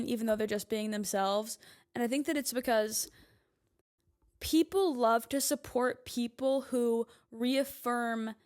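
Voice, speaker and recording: A woman in her twenties talking casually to her audience as a podcast host, chatty and emphatic, with lots of "like" fillers. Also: on the high side. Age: 20s. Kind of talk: casual monologue.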